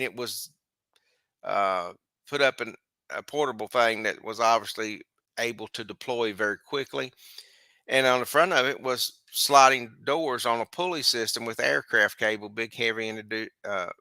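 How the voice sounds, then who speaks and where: A man's voice: mid-range voice, normal speed, sharp tone, no echo. A middle-aged man, rambling through a long story as host of a live stream, restarting phrases and chuckling. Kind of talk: casual storytelling, recounting a dream. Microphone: live stream mic.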